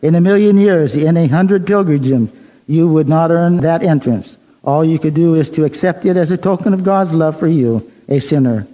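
A man preaching a sermon, telling a story in a measured way and reading the dialogue plainly. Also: on the high side, mellow, low-quality recording.

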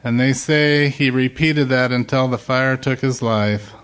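Man, middle-aged, preacher, unhurried, mid-pitched, emphatic delivery. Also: flat delivery, smooth. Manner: slow, emphatic preaching, rising loud when quoting shouts. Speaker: pastor. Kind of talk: sermon.

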